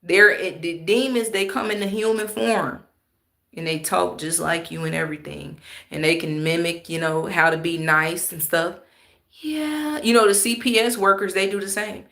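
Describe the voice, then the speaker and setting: A woman's voice: mid-range voice, moderate pace, vocal fry, sharp tone, roomy sound. A woman talking bluntly and emphatically in casual slang while commenting on a livestream and answering chat.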